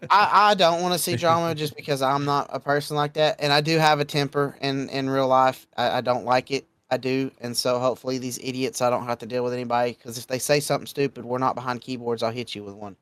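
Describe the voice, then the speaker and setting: A young adult man from Georgia, hosting a casual podcast chat and speaking bluntly, getting animated when laying down rules. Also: medium pitch, fast, hardly any pauses, clear, resonant tone, no echo. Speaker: podcast host.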